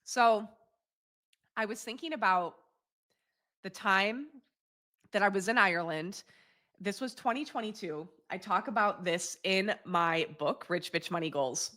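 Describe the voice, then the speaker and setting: A woman in her thirties tells a personal story as a show host, talking casually and candidly. Her voice is bright and forceful, at an ordinary pitch for a woman. She laughs often and swears without a second thought. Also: unhurried, pauses often. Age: 30s. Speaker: podcast host.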